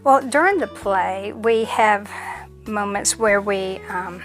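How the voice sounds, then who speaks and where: A middle-aged woman vlogger chatting casually, telling an anecdote in an animated way and acting out other people's voices. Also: medium pitch, slow, soft background music. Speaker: vlogger and community theater actress.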